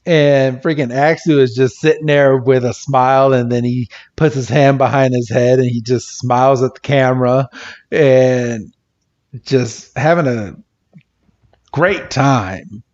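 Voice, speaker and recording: Slow-talking man recapping with laughs. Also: medium pitch, steady tone, a little mellow, muffled recording. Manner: swears freely, laughs often, acts out quotes. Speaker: podcast co-host. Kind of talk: casual episode recap.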